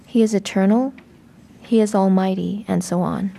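A woman reading a translated sermon in a measured, even way. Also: mid-range voice, creaky. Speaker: voice-over reader of a sermon.

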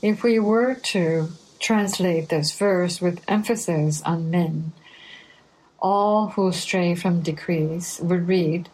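Slow, deliberate woman preaching. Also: on the low side, darkish tone, poor audio. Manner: measured, deliberate scripture reading. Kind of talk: slow sermon reading.

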